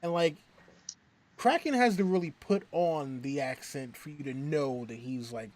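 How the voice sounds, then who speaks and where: A man hosting a casual chat, rambling and animated, with many restarts. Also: a little high, unhurried. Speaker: show host.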